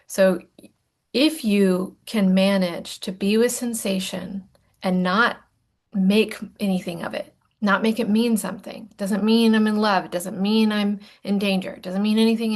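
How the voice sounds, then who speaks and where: A woman coaching through a recorded lesson on emotions, talking in a playful, self-mocking way and now and then dropping to a soft whisper for emphasis. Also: medium pitch.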